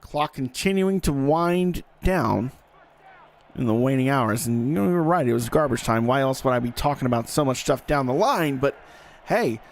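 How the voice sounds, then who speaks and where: A man's voice: medium pitch, expressive, normal speed. A man giving live play-by-play commentary on a simulated football game in a folksy, joking manner that talks straight to the audience.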